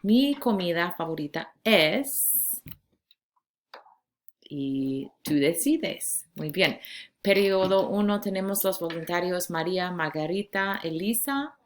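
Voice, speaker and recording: A Spanish teacher in her 40s from California teaches a recorded class lesson in a low voice. She instructs slowly and clearly, switching between Spanish and English.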